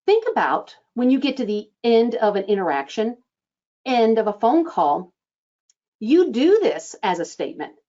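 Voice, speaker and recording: A woman coaching front-desk staff on phone scheduling, acting out sample lines with lively changes of tone. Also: fairly high pitch, moderate pace, dull audio. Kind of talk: instructional talk.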